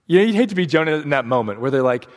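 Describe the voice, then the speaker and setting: A man's voice: fairly high pitch, lively intonation, rapid-fire. A man preaching a sermon as pastor, storytelling with energy and acting out the quotes in changing voices. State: sleep deprived. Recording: long hall reverb.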